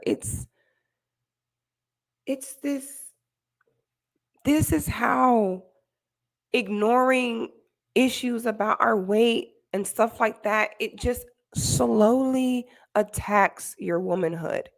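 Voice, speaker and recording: Woman host, reaction commentary, dramatic exclamations, casual slang, slow drawl. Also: fairly high pitch, vocal fry. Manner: exclaiming, dramatic, rambling with restarts; casual slang, addresses viewers as y'all.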